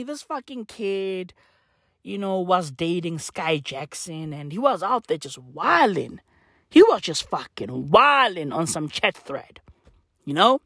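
A woman delivering a profane comedic rant, full of slang, dropping to low mutters and then jumping to high shouted outbursts. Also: no echo, studio quality. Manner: heavy slang fillers. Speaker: comic ranter.

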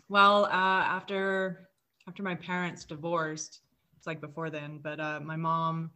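A woman guest on a podcast, recounting her life in a slow, hesitant, halting way. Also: low voice, flat delivery, sharp tone, clear, resonant tone. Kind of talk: casual interview chat.

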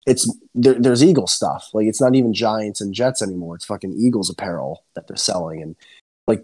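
A young podcast co-host from Central New Jersey rants in casual chat, his voice fairly low, a bit quick, and slightly rough. He's animated and swears a lot.

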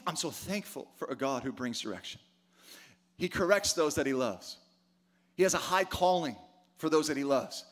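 A middle-aged pastor with a high-pitched, somewhat bright voice preaches a sermon emphatically. He poses rhetorical questions and calls for responses from the congregation.

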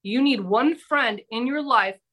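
Animated woman telling a wild story. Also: fairly high pitch. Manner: animated, breathless anecdote-telling with dramatic pauses. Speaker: podcast guest, former TV news reporter. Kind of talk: casual storytelling.

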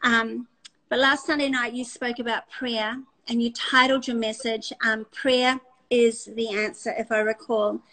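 An Australian woman hosts a casual conversation with a high, bright pitch. She is effusive and affectionate and keeps restarting her sentences as the stories tumble out. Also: level tone, poor audio. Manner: effusive, talks in quick restarts. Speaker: host. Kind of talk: casual chat.

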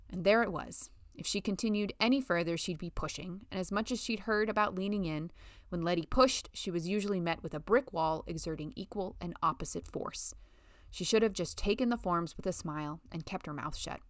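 A woman reading a novel as an audiobook narrator, in a measured storytelling manner. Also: on the low side, no room sound, studio quality. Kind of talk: scripted narration.

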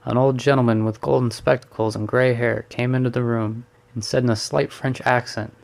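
A man narrating a classic short story in a steady, measured reading. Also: medium pitch, gravelly. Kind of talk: audiobook reading.

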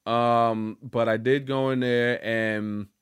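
A man's voice: medium pitch, fairly even intonation, takes it slowly, clear, resonant tone, dry recording, studio quality. A young man telling a story to the camera in a loose, rambling, profane way, full of restarts and fillers. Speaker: vlogger. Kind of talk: casual storytelling monologue.

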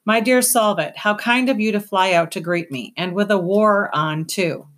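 A woman's voice: medium pitch, normal speed, voice pushed up, lightly acted. A woman voicing a weary, cunning male giant rat who drawls his lines languidly and mockingly in an audiobook. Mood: languid mockery. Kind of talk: audiobook character voice.

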